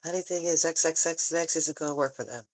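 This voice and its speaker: Tearful woman, halting and sighing. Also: low voice, a little mellow, poor audio. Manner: halting, sighing, pausing often; frank, swears. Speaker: vlogger. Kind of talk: personal reflective vlog.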